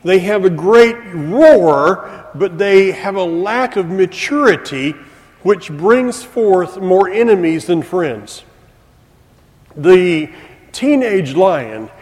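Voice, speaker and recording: A man's voice: high-pitched, a little mellow. A middle-aged man preaching a sermon as a teacher, with folksy joking asides to the congregation. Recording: long hall reverb.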